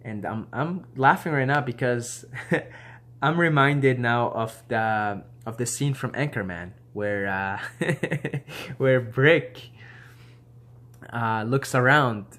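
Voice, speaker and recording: A man's voice: medium pitch, slow pace, a bit bright. A man talking casually to the camera, laid-back and rambling with slangy asides and frequent laughter. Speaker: video host.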